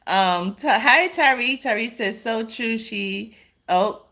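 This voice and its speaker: A woman's voice: a little high, slow, sharp tone. A woman hosting a casual live stream, reading viewer comments aloud, laughing often and calling her viewers "y'all" and "honey".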